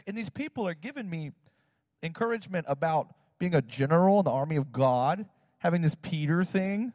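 Male pastor, 30s, chatty sermon storyteller, slightly high pitch, long reverb tail. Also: studio quality. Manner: animated, acts out quotes in other voices, fillers like "like" and "you know".

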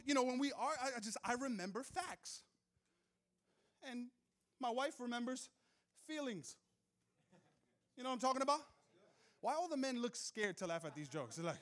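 A male pastor preaching a sermon, telling funny stories and joking with the crowd, moving from soft asides to loud shouts. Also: very high voice. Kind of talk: sermon with humorous storytelling. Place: church hall with live audience.

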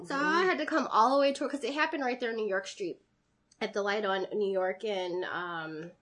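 A young woman in casual conversation, telling a long story in an animated way and acting out the people in it. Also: medium pitch, moderate pace. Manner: animated, acts out voices in her stories.

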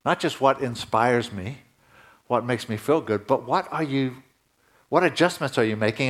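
A man's voice: medium pitch, normal speed, a bit bright. Conversational male pastor preaching. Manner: conversational preaching, rising emphatically at key points. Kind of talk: sermon.

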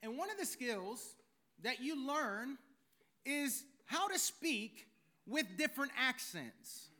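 A man's voice: very high voice, very animated, slow pace, pushed and bright. A man preaching a sermon as pastor, with a theatrical delivery from his years on stage. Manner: theatrical, former stage performer.

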